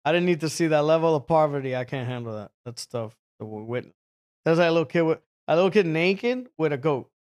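A man's voice: a little high, lively intonation, a little fast, a little mellow. A man telling rambling, crude stories in casual chat, laughing often. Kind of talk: casual profane storytelling.

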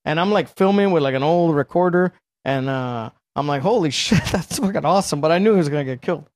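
Profane, animated middle-aged man telling stories. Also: on the high side, fast, no room sound. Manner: profane, animated storytelling with acted quotes. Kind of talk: casual chat.

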